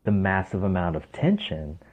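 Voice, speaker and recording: A man's voice: low-pitched, sing-song, normal speed. Emphatic man on a tinny phone line. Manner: emphatic, asks rhetorical questions. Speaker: podcast guest, stress coach. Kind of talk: explanatory interview talk.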